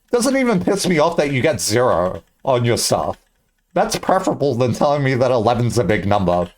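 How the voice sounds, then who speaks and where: A young man chatting casually on a live stream, rambling and joking with bursts of excitement. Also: on the high side.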